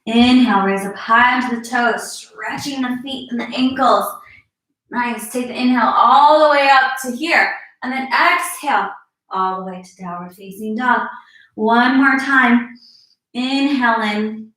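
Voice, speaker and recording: A young woman with a slightly high, slightly slow, fairly bright voice leads a live-streamed yoga class as a fitness instructor. She cues each move while exercising herself, sounding encouraging and a bit out of breath. The recording comes from an echoey room with a distant mic.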